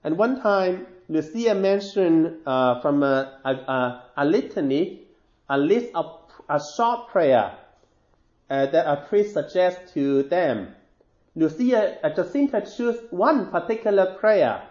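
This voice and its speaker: Hesitant high-voiced preacher in a roomy hall. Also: male voice, animated, a little slow, a little mellow. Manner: hesitant, many fillers and restarts, lifts his voice for quoted lines. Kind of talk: devotional talk retelling a saint's story. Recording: roomy, dull sound.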